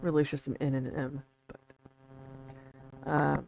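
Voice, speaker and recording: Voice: mid-range voice, flat delivery, moderate pace, gravelly, a little mellow, highs cut off, slight background noise. A video host in a casual explainer who reads passages aloud, spells words out letter by letter, and makes chatty, self-deprecating asides. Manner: chatty, self-deprecating, chuckles between points.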